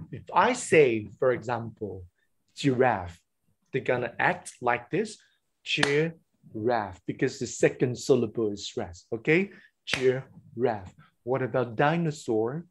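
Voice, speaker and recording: A man runs a teacher-training workshop over a video call. He speaks slowly, and his voice is a little husky. He keeps checking in with his listeners by saying "okay" and "all right" again and again. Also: mid-range voice. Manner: repetitive, encouraging, with frequent "all right" and "okay". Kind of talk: online teacher-training session.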